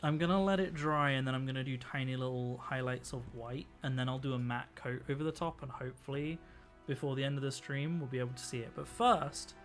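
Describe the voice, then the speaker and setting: Joking streamer painting minis live, chatty and wry, quiet music underneath. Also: mid-range voice, fairly quick. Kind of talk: casual chat while painting on stream.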